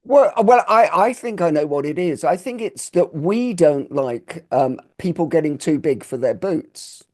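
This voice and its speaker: Higher-voiced male host, musing. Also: expressive, unhurried, a little mellow. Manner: musing, leading questions. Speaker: podcast host. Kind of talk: casual interview chat.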